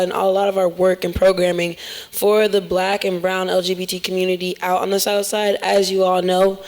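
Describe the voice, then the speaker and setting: Panel moderator, casual, relaxed, even and flat delivery. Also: mid-range voice. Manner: relaxed, casual, informal slang. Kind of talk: hosting a live panel.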